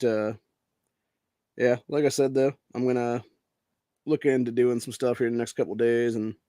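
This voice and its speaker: A brash, foul-mouthed male podcast host from Ohio runs through the news in casual commentary. He keeps dropping "dude" between lines. His voice is mid-pitched, dark and mellow, and recorded dry and close with no room sound. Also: no room sound. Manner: profane, brash, says dude a lot.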